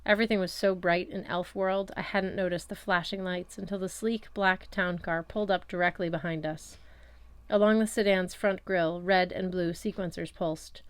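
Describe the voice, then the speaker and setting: A woman with a lowish, steady voice reads a first-person story aloud. Her delivery is wry and conversational. The recording is close and dry with no room sound. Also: moderate pace, clear, resonant tone, no room sound. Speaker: audiobook reader. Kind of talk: first-person audiobook narration.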